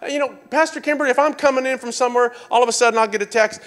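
High-voiced preacher calling out to a congregation. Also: male voice, racing, hardly any pauses. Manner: animated preaching with call-outs to the congregation. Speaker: pastor. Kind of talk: sermon.

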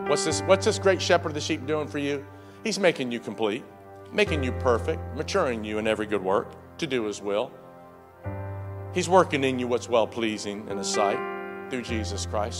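A man preaching a sermon as pastor, repeating words and urging the congregation to say lines back to him. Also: mid-range voice. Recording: faint music behind.

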